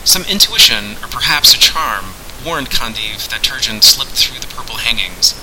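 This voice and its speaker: A man narrating a fantasy story aloud in a measured, dramatic way. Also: medium pitch, lively intonation, heavy background noise.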